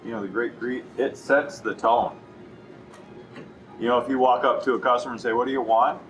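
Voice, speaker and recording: A man's voice: medium pitch, fairly even intonation, moderate pace, noisy background. A man co-hosting a casual chat about sales, who acts out cheerful greetings in a raised voice. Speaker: furniture store co-host.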